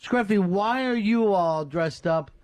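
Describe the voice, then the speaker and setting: A man's voice: high-pitched, slow, a little mellow, dry recording. A man hosting a radio talk show, chatting casually with his co-host and callers in a wry, joking and profane way. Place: radio studio. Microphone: studio microphone.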